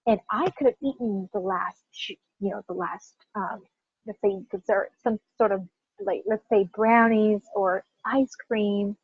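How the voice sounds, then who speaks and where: Breathy woman teaching pronunciation. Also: medium pitch, unhurried, dry recording. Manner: animated, stresses single words in example sentences; checks in often with "right?". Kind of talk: classroom teaching. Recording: dull lo-fi sound.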